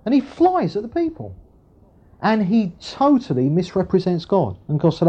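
A man's voice: high voice, wildly swooping pitch, normal speed, dark tone, husky. A man preaching a sermon and reading scripture aloud. He talks in a conversational way, with frequent asides and tag questions. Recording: dull lo-fi recording.

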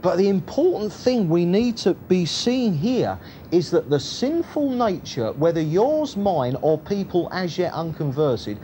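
A man preaching a sermon, shifting between loud emphasis and quiet, low asides. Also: sing-song, measured pace, slight background noise. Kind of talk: sermon, Bible teaching.

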